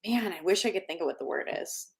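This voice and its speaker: A woman co-hosting a casual live-stream chat, chatty and thinking out loud. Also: on the low side, lively intonation, fast, vocal fry. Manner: chatty, searches for words aloud, uses fillers. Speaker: co-host.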